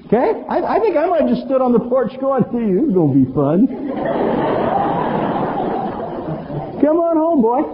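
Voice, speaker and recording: A middle-aged man preaching a storytelling sermon as pastor, animated and humorous, acting out bits of dialogue. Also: fairly high pitch. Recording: reverberant hall, muffled with faint noise.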